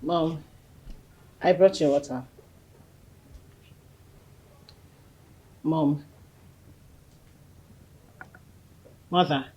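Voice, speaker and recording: A woman's voice: sits low, unhurried, a little mellow, muffled recording. An actress playing a young princess who pleads and sobs over her dead mother, in a film scene. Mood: pleading. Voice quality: sobbing, pleading. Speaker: grieving princess. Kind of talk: Nollywood film acting.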